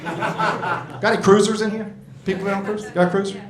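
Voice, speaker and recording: A man's voice: high voice, level tone, quick pace. A man in his sixties doing a stand-up comedy set in a club, rambling, profane and self-mocking, working the crowd. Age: 60s. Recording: echoey club room.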